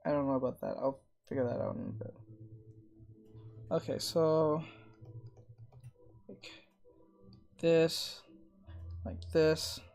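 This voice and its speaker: Slow, playful streamer chatting while sketching. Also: medium pitch, fairly even intonation, gravelly, darkish tone. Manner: playful, teasing banter with chat, talking through sketching steps. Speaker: art streamer. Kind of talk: casual livestream chat while drawing.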